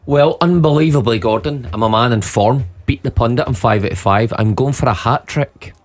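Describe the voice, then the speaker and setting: A man's voice: mid-range voice, brisk. A Scottish man on a radio football panel, jokey and teasing. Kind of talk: casual radio sports chat. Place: radio studio.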